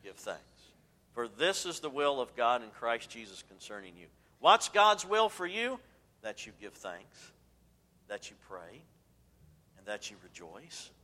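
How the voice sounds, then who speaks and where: A man preaching a sermon as pastor, emphatic and swinging between loud declarations and hushed asides. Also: mid-range voice, sing-song, measured pace, in a large hall.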